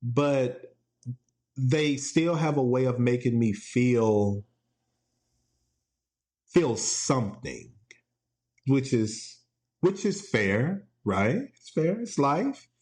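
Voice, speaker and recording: Man, playful, laughing often, casual podcast chat, mid-pitched voice. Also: lively intonation, extremely slow, long pauses, darkish tone. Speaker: podcast host. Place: home.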